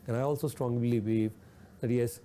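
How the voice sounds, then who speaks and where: A man's voice: mid-range voice, fairly even intonation, fairly quick, mellow, a little hiss or hum. A man hosting a radio talk show, speaking earnestly and repeating points for emphasis. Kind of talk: reflective talk radio discussion.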